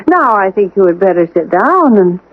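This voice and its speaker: An actor playing a formal, condescending man in a rich man's household, who speaks in measured, lecturing tones in a radio drama. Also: sits high, sing-song. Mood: soothing, lecturing. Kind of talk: 1970s radio drama acting. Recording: lo-fi old radio broadcast.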